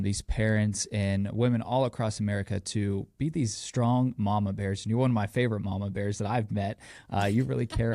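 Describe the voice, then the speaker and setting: A man's voice: on the low side, vocal fry, mellow, dry recording, clean studio sound. A man hosting a podcast interview, asking questions in an agreeable, appreciative way. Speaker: podcast host.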